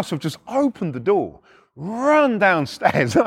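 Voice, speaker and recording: A man's voice: high voice, slow pace, vocal fry, breathy edge. A middle-aged man, a former repossession agent, telling blunt, sweary stories in a casual way. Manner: blunt, sweary, animated retelling. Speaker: former repo man storyteller. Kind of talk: casual storytelling.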